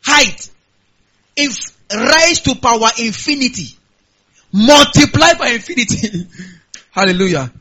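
High-pitched Nigerian pastor preaching. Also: male voice, slow, long pauses, slightly rough. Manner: animated preaching, frequent hallelujahs. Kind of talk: sermon.

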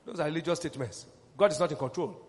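A man preaching a sermon, emphatic and rousing, calling questions to his congregation and rising into shouts. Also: fairly high pitch, animated, racing, long reverb tail.

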